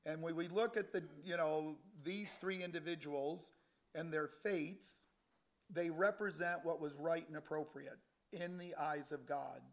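A man's voice: a little high, fairly even intonation, measured pace. A middle-aged man preaching a conversational Bible sermon, reading scripture with animation. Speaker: lay preacher.

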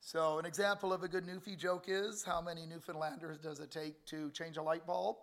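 A man with a slightly high voice gives a relaxed Bible school talk to a room of listeners. He is chatty and joking, and he rambles through lots of ums and uhs before reaching his point. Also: fairly quick. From Canada. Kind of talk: informal Bible class talk.

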